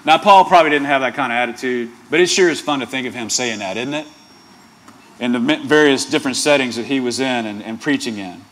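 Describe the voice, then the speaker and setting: A man's voice: medium pitch, quick pace, fairly bright tone. A male pastor preaching a sermon, earnest, with playful asides and rhetorical questions to the congregation.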